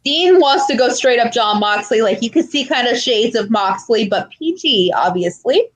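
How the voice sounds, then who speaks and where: A woman's voice: a little high, animated, normal speed. A woman co-hosting a podcast in casual chat, telling a story with animation and acting out quotes. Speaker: podcast co-host.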